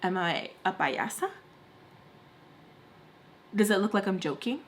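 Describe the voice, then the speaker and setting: A woman's voice: mid-range voice, animated, measured pace, close to an everyday voice. Woman quoting a curt, bossy angry woman. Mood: scornful. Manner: curt, scornful retorts. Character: stern, irritable adult woman, bossy.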